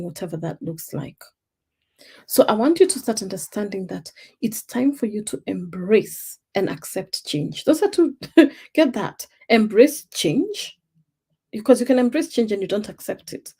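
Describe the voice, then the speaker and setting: A Kenyan woman coaching her viewers on a live stream with an emphatic delivery, circling back to her key points. Her voice is warm and dark, with a husky grain and a gravelly edge. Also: mid-range voice, normal speed. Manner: emphatic, repeats key points, acts out quoted speech. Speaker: life purpose coach. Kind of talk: motivational live stream talk.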